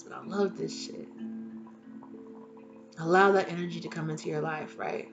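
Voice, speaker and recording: A woman's voice: on the low side, moderate pace, muffled recording, music in the background. Chatty woman reading tarot, swearing freely. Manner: chatty, animated, swears freely, laughs at herself. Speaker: tarot reader. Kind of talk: casual collective tarot reading.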